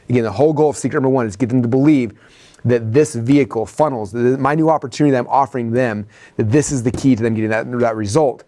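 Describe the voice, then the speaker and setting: A man coaching others as he breaks down his own sales presentation, chatting rapidly and leaning on "like" and "right?". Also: medium pitch, dark tone. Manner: rapid, conversational, heavy on "like" and "right?".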